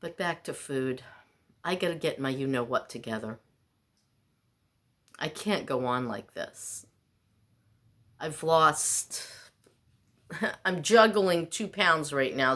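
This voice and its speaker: A woman's voice: sits low, a bit bright. A woman vlogger delivering a rambling, exasperated, self-mocking monologue.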